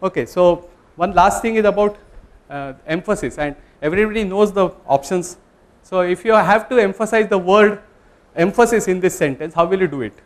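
Man, lecturer, classroom talk, fairly high voice, conversational, self-correcting. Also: moderate pace. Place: lecture room.

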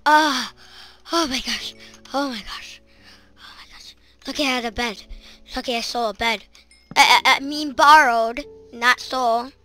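A woman with a high, very sharp and piercing voice talks her way through a game in unhurried let's-play commentary. She chatters to herself and bursts into shrieks and yells at every monster that appears. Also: soft background music. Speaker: gaming channel host.

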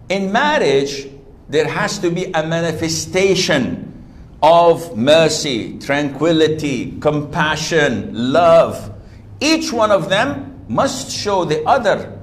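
A man delivers a sermon in a slightly higher-pitched voice. He speaks with animated energy and acts out the voices he quotes. A faint hiss of noise sits under the recording. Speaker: Islamic preacher. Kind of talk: sermon lecture.

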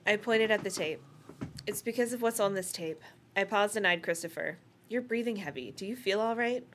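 Female podcast co-host reading a novel aloud, mid-pitched, prone to laughter. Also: moderate pace, a bit bright, a little hiss or hum. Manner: reads steadily, laughs between passages.

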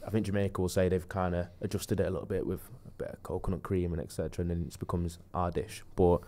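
A man co-hosting a casual live-stream chat, animated, laughing often, trailing off and restarting. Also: low-pitched, fast talker. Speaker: co-host.

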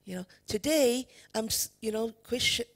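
At a church worship service, a woman with a fairly high voice preaches at a moderate pace. Her sermon is emphatic, full of questions for the congregation and frequent "you know"s.

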